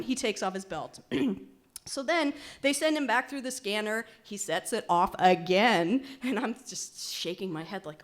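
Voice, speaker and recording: A woman in her forties telling a funny personal story at a live storytelling night, animated and wry, with good comic timing. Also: fairly high pitch, moderate pace.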